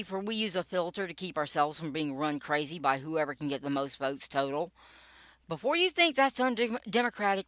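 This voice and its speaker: A woman's voice: medium pitch, a bit bright, no room sound. An older woman reading her own political blog post aloud, wry and sarcastic, with dry asides. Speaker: political blogger and podcaster.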